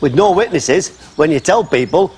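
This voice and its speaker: A man's voice: on the high side, lively intonation, moderate pace, a little mellow, a little hiss or hum, natural voice. A man playing an ordinary, earnest man who tells a puzzling story with solemn care in a sitcom. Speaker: local man telling a story. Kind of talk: sitcom acting.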